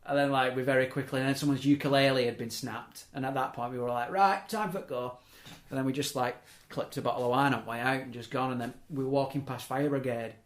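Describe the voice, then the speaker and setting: A man's voice: mid-range voice, little pitch movement, quick pace, hardly any pauses. A young man, telling long rambling stories in casual podcast chat, breaking off mid-sentence and adding chuckling asides. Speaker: podcast host. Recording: echoey room.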